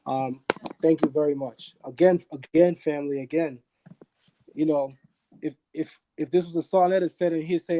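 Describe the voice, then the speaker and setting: A man's voice: fairly high pitch, steady tone, normal speed, dark tone. A man hosting an online panel, talking casually over a video call and often repeating words as he gets started.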